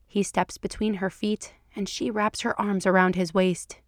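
A woman reading fan fiction aloud for a podcast, telling the story in an even, measured way. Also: mid-range voice, dry recording, studio quality. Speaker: podcast reader.

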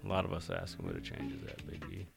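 A man's voice: sits low, sing-song, fast, creaky, music in the background. A man hosting a radio show, chatting casually about sports with lots of ums and restarts.

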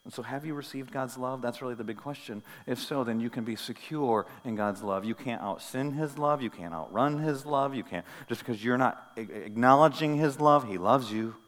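A man's voice: mid-range voice, moderate pace, hardly any pauses. Man preaching in a reverberant sanctuary. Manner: animated preaching, swinging from soft to loud; conversational, with asides and light humor. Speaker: pastor. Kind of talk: sermon. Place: church sanctuary.

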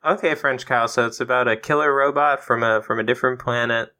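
A man's voice: medium pitch, steady tone, fast talker, pushed and bright. A man co-hosting a comedy podcast in casual chat. He plays along with dry, mock-offended humor. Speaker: podcast co-host.

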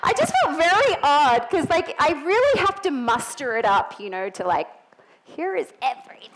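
A woman in her thirties preaches with a high, bright-pitched voice. She tells personal stories earnestly and rises to emphatic peaks. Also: sing-song, normal speed, slight background noise, poor audio. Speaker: pastor's wife preaching. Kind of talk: sermon.

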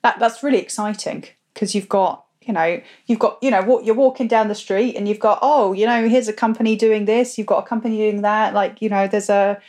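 A woman's voice: mid-range voice, fairly even intonation, fairly quick, hardly any pauses, a little mellow. Upbeat woman co-hosting, full of fillers. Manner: lots of fillers, upbeat, laughs often. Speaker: co-host. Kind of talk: casual podcast chat.

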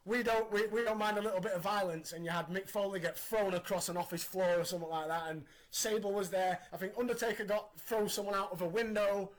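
A man in his thirties hosting a casual podcast, recapping in an animated, opinionated way. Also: high voice, fast, few pauses. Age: 30s. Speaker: podcast host.

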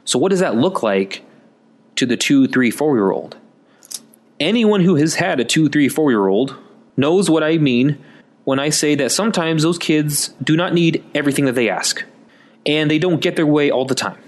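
A man's voice: a little high, lively intonation, moderate pace. A man giving a conversational Catholic Advent sermon in a folksy, chatty way, calling listeners folks. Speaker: Catholic preacher.

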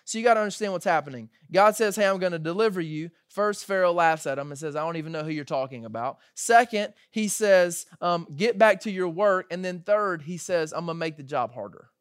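A man in his thirties delivers a sermon with a notably high voice, conversational and animated, slipping into quoted voices as he retells the story. The sound is dry and close, with no room echo. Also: brisk, few pauses, smooth. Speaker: pastor.

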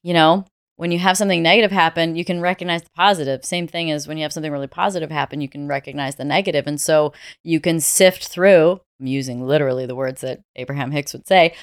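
A woman's voice: sits low, steady tone, quick pace, clean tone, no echo, clean studio sound. A woman from the United States, a podcast guest, telling her story in a reflective, candid way. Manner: reflective, candid, laughs easily. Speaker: interview guest. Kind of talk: conversational storytelling.

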